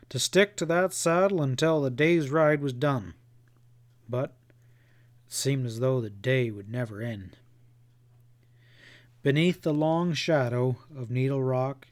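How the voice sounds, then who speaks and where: A man narrating a western novel as an audiobook, in a measured storytelling read. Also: medium pitch, darkish tone.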